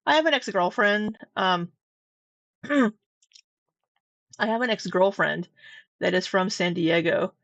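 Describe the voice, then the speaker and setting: A woman's voice: medium pitch, slow, gravelly, long pauses, fairly bright tone, no echo. A middle-aged woman doing casual reaction commentary, teasing, sarcastic and freely profane. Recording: dull, dry, slightly lo-fi sound.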